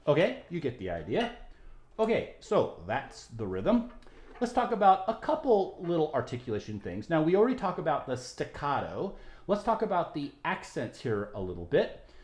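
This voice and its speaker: Man, violin teacher, patient step-by-step explaining, animated pitch, roomy echo. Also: normal speed. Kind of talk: music tutorial. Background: violin playing.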